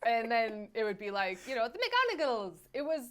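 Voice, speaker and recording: High pitched woman host, animated and exasperated, casual film chat. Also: normal speed, heavy background noise. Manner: animated, exasperated, restarts and trails off. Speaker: podcast host, film reviewer.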